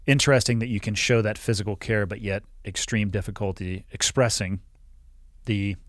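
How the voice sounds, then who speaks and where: Low-voiced male podcast host, probing. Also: fairly even intonation, moderate pace, no echo, clean studio sound. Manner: thoughtful, probing, reflective follow-ups. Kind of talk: interview questions.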